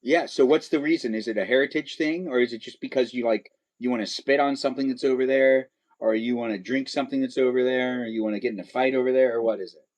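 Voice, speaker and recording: A man's voice: medium pitch, steady tone, fast, a little mellow. A man hosting a live stream, chatting casually and teasing his guests and chat.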